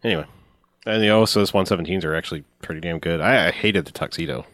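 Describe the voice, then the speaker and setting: A man's voice: sits low, fast talker, no echo. A man co-hosting a podcast, talking about movies in loose, rambling chat with frequent restarts. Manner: rambling, restarts often, animated. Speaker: podcast co-host. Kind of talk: casual chat.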